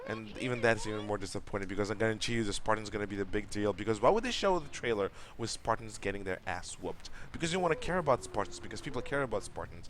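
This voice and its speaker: A man's voice: on the low side, animated, fast, few pauses, a bit bright, a little hiss or hum. A young man co-hosting a late-night gaming stream, chatting casually while he plays, rambling and opinionated and swearing freely. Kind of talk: casual gameplay chat.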